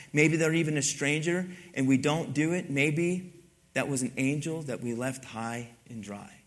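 Pastor, male, middle-aged, high voice, chatty sermon delivery with playful asides to the congregation. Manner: conversational preaching, teasing congregation, repeats key lines.

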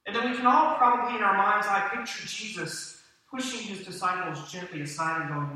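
A man's voice: high-pitched, a little fast, pushed and bright. A man preaching a sermon to his congregation in a church, talking conversationally and asking his listeners questions. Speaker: pastor. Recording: echoey hall from a distance.

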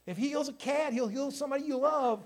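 A middle-aged pastor delivers a sermon in a fairly high voice for a man. He moves between loud, fervent exhortation and low, hushed storytelling. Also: fast talker. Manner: preaching with swings from shouting to hushed storytelling.

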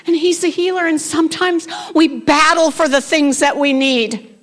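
Woman pastor preaching in church, high voice, reads verses then declares them loud. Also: fairly even intonation, moderate pace. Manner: preaching with rising declarations of scripture. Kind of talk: sermon. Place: church sanctuary.

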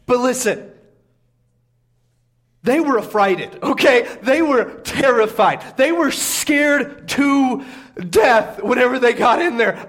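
A man's voice: extremely high pitch, fairly bright tone. A man preaching a sermon in a casual, conversational way, often asking "okay?" and laughing at his own stories, keeping his voice down so as not to wake babies. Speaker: pastor. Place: indoor room with a congregation.

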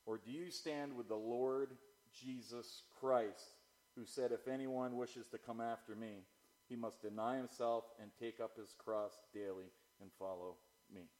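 A man preaching a sermon, moving from loud, declaiming passages to low, quiet asides as he reads and explains scripture. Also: steady tone, a little slow, rough recording. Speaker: pastor.

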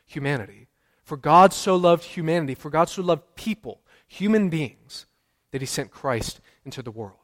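A man's voice: mid-range voice, long reverb tail. A man preaching a sermon as pastor, earnest, repeating key phrases and quizzing his congregation. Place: church sanctuary.

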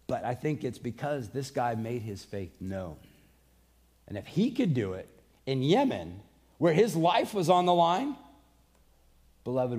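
A man's voice: medium pitch, a little mellow. A man preaching a sermon, earnest and conversational, mixing scripture with personal stories. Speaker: pastor.

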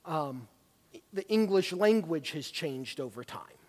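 A man's voice: a little high, expressive, slow pace, a little mellow, big-room sound. A man leading a Bible study class, talking conversationally with many fillers. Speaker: class teacher.

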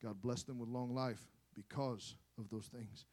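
A man preaching a sermon to a congregation, moving from quiet asides to impassioned shouting and calling on the listeners to respond. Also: medium pitch, steady tone, a little slow.

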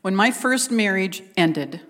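A woman's voice: medium pitch, animated, takes it slowly, a bit bright, big-room sound. A woman preaching a conversational sermon, retelling scripture and acting out the quotes with animation.

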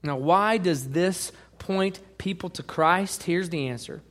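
A pastor preaching a sermon, emphatic, asking the congregation questions and reading scripture aloud. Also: male voice, high voice, slow pace, a bit bright.

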